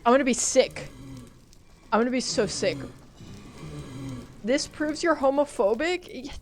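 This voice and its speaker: A young woman streaming a game live, talking to her chat in a panicky, excitable way. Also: high voice, a little slow. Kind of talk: live gameplay commentary.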